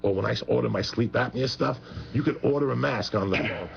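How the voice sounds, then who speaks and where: A man appears as a guest on a radio show, and the chat is heated, profane, and emphatic as he rambles along. His voice is gravelly, medium-pitched, and fairly quick, heard through a muffled radio broadcast with a faint hum.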